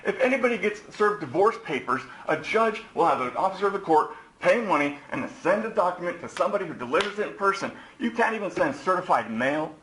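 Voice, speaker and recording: A hoarse man in his forties, a defendant addressing the court in a heated, accusatory rant. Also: high voice, expressive, fast talker, hardly any pauses, a bit bright, slight background noise. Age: 40s. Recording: echoey courtroom recording.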